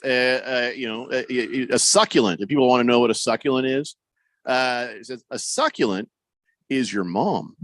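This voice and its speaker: A man's voice: mid-range voice, moderate pace, a bit bright, no room sound. A man hosting casual sports radio banter, joking and reading out listener messages on a studio microphone. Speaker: radio host.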